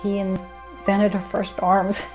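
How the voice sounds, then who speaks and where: An older woman tells her family's story in a documentary interview, speaking plainly and acting out what each person said. Her voice sits at an average pitch, and her grammar is folksy and homespun. A clear music bed plays under her words. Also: monotone, slow pace, low-quality recording. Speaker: foster mother telling her story.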